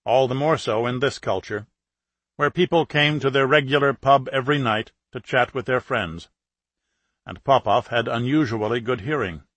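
Male audiobook narrator, steady scripted delivery, husky texture, dry close sound. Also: medium pitch, no room sound.

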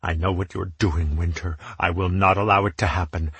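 An arrogant swordsman villain who jeers and growls threats, played by a male narrator. His voice sits low with a husky grain. The recording is dry and close. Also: fairly even intonation, moderate pace, a bit bright, no echo, full character voice. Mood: menacing. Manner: jeering, menacing.

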